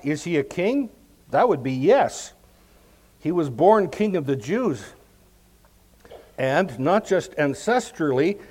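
A man teaching scripture verse by verse, in a slightly high voice for a man. He takes his time, laying out each point slowly and leaning hard on the words that matter. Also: darkish tone. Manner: measured, explanatory, emphatic on key words. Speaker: Bible teacher.

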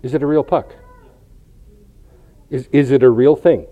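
A man's voice: medium pitch, fairly even intonation, a little slow, mellow, natural voice. A man voicing a curious, puzzled male house cat that keeps asking earnest questions. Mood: puzzled questioning. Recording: dull lo-fi recording.

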